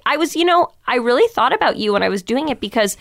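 Young woman guest, talks fast, lots of "like", lively, dry close sound. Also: on the high side, creaky, no echo. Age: young adult. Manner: chatty, heavy use of "like"; animated, quotes others in changed voices. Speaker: podcast guest. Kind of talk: casual chat.

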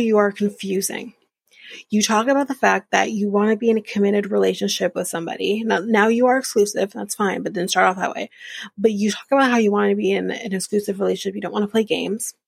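A woman's voice: mid-range voice, gravelly, slightly rough, no echo. A woman in her early thirties hosting a podcast, giving a blunt, profane, opinionated casual recap of a reality show. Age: early 30s. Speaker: podcast host.

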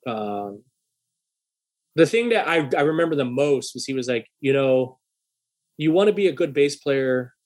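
A young man tells a casual story in a medium-pitched voice, unhurried and pausing often. He swears freely and acts out a heated argument, animatedly quoting each side.

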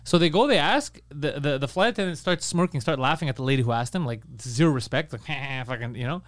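A man, a podcast co-host, telling a story in casual comedic chat, fast and profane as he rants. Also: mid-range voice, animated, dry recording, studio quality.

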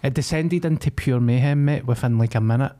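A man's voice: mid-range voice, fairly quick, mellow. A young Scottish man co-hosting a podcast, telling a sweary rant in casual chat. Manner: swears a lot, tells rants with acted-out quotes. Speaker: podcast co-host.

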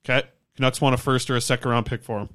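Fast-talking male podcast co-host, excitable and ranty, casual. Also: medium pitch, smooth. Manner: rapid, animated, prone to rants. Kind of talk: casual sports podcast chat.

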